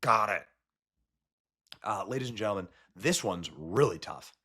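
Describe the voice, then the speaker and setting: Bright-voiced man in a mocking rant. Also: lowish voice, expressive, unhurried, breathy edge. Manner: mocking, emphatic ranting. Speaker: host. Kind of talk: political commentary.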